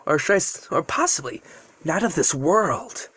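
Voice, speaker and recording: Man doing a high, gloating chain mage. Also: very animated, moderate pace, bright, forceful tone, breathy edge, dry recording, heavily acted. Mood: mocking. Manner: mocking, gloating. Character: sinister male chain-wielding mage, taunting.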